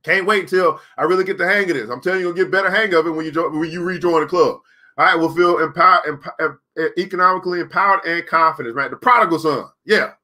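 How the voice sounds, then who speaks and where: Man, high bright voice, live-stream host, preachy and repetitive. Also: fast talker. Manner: preachy, repetitive, reads out viewer comments. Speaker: host of a live crypto trading class stream. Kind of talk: casual live-stream talk.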